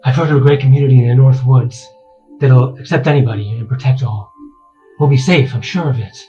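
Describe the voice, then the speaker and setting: A man's voice: mid-range voice, a little fast, lo-fi sound, soft background music, lightly acted. A man voicing a tender, tearful father who has just been reunited with his daughter. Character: tearful, loving middle-aged father reunited.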